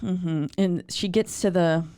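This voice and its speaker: Woman podcast cohost, low mellow voice, swears a lot, super animated. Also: slow, smooth, dry recording, studio quality. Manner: animated, swears freely, acts out quotes. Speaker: podcast co-host. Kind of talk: casual chat recapping a film.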